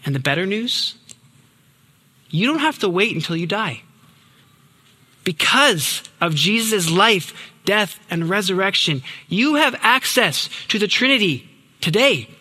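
A young man delivers a sermon with earnest emphasis, letting key words drop low and quiet. His voice sits fairly high and sounds very bright and forceful. It carries a long, reverberant hall tail. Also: big pitch swings, unhurried, pauses often. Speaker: preacher.

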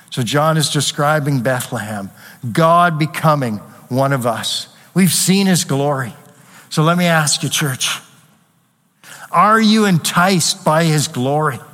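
A pastor preaches to his church, earnestly posing rhetorical questions and reading scripture aloud. His voice is a little high and fairly bright, with a long hall reverb.

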